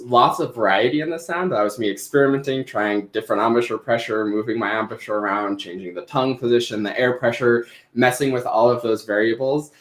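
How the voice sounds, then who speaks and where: A man's voice: lowish voice, echoey room. A man teaching clarinet in a live-streamed lesson, explaining each step as he demonstrates.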